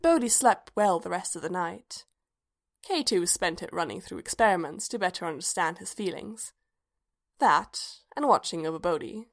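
A woman's voice: fairly low pitch, animated, normal speed, vocal fry. Woman reading a story aloud. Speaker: reader. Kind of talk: storybook narration.

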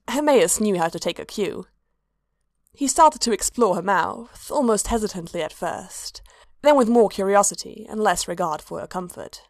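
A woman narrating a story in a steady, even reading voice. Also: mid-range voice, dry recording, studio quality.

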